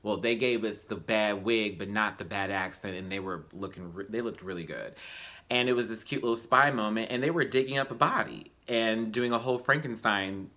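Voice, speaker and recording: A young man casually reviewing a show on his channel, chatty and slangy, tired and late at night, often jumping to high exclamations. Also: a little fast, pushed and bright. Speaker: YouTube reviewer.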